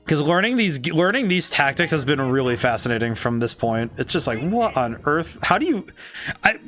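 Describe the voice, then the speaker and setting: A man streaming a game, chatting casually and excitably, rambling with frequent restarts. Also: on the high side. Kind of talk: casual gameplay commentary.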